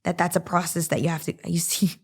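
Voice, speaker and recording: A woman's voice: on the low side, little pitch movement, fast, vocal fry, slightly rough. A woman in her twenties, a podcast guest chatting casually in a playful, joking way. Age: 20s. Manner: playful, joking, laughs often. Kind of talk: casual conversational interview.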